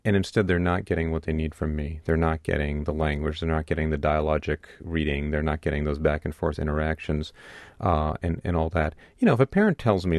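A man's voice: rumbling low, fairly quick, darkish tone, dry recording, studio quality. A middle-aged man, a pediatrician, explaining earnestly in an interview and often repeating words as he starts. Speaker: pediatrician guest. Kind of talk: radio interview.

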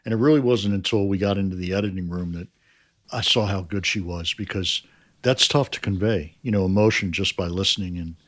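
A man who helped make a crime series, answering interview questions in a measured, explanatory way that often trails off quietly. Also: deep voice.

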